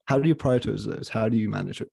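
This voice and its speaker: A man's voice: lowish voice, racing, gravelly, warm tone, slightly rough, dry recording, clean studio sound. A man hosting a podcast, asking a guest curious, direct questions. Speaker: podcast host. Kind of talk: interview questions.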